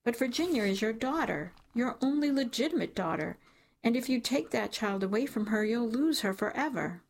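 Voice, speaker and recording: A woman's voice: fairly high pitch, expressive, moderate pace, pitched above the performer's own voice. A woman voicing a fierce, protective older woman in an audiobook, speaking urgently and with indignation. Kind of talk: audiobook character reading.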